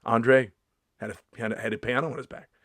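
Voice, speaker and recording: A man's voice: medium pitch, steady tone, fairly quick, fairly bright tone, dry recording, studio quality. A middle-aged male comedian in a casual vlog, reading slang definitions aloud and riffing on them with sarcasm and swearing. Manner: sarcastic, swears freely, reads definitions aloud then riffs. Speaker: comedian vlogger.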